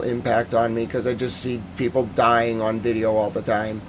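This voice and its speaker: A man's voice: medium pitch, level tone, moderate pace, few pauses, slight background noise. Heated man ranting on a live stream. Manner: reads viewer chat aloud. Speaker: host. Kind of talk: live-stream news commentary.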